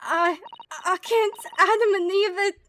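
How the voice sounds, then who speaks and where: High-voiced emotional woman streamer. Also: measured pace, a little hiss or hum. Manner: emotional, excitable, slangy. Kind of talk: casual gameplay commentary.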